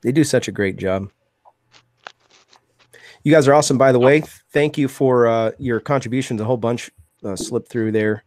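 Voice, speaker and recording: A man's voice: mid-range voice, normal speed, pauses often, darkish tone. A man hosting a live-streamed talk show, enthusiastic and chatty, thanking donors and asking guests questions with frequent fillers. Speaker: host.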